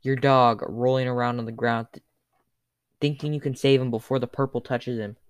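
A young man telling a rambling, absurd comic story in a crude, cursing, hurried way. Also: medium pitch, level tone, smooth, no room sound.

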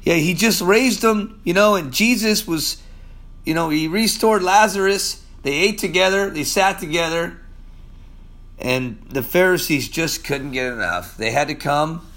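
Male pastor, high voice, a bit strained from the weather; casual, conversational Bible teaching. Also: unhurried, a bit bright. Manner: loose, chatty, peppered with "man". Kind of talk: casual Bible-study sermon.

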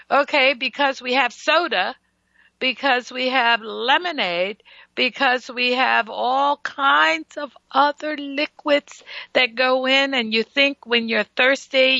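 A woman's voice: sits high, creaky, pushed and bright, no echo, lo-fi sound. A woman hosting a casual radio health talk show, emphatic and folksy, who often stutters and restarts her sentences.

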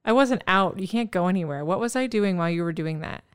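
A woman in her thirties co-hosting a casual podcast chat, expressive and quick to laugh. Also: lowish voice, smooth, no room sound, studio quality. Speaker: podcast co-host.

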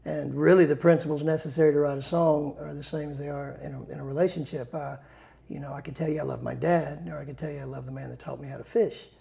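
A man's voice: a little high, steady tone, fast, gravelly, mellow. A male songwriter in a casual interview, rambling through stories with restarts and self-deprecating humor.

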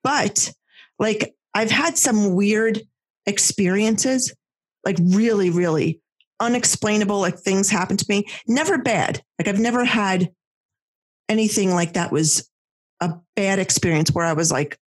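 A woman tells a personal story in a casual chat. Her voice is husky and breathy, and she talks in an animated way, full of fillers and restarts. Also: mid-range voice, a little slow.

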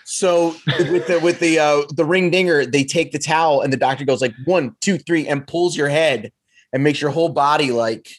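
A man's voice: a little high, normal speed. A man co-hosting a casual podcast chat, rambling enthusiastically and laughing often. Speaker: podcast co-host.

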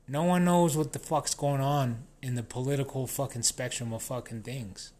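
A man's voice: mid-range voice, steady tone, moderate pace, darkish tone. Casting: man in an unscripted rant, heavy profanity, loose and rambling delivery, mid-range voice. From New Mexico. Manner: swears constantly, rambling, restarts sentences.

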